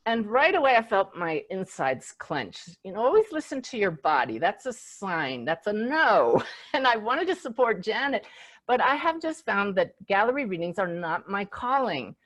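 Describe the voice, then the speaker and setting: A woman's voice: medium pitch, no room sound. A middle-aged woman hosting a live online event as a spiritual medium, telling stories with quoted dialogue and growing enthusiasm. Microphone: video call.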